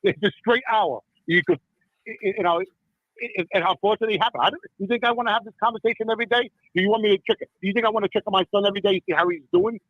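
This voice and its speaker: Impassioned husky middle-aged man on a phone line. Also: high-pitched, racing, no echo. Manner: impassioned, repeats "listen" and "okay". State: upset. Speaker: caller. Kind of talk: emotional call-in talk.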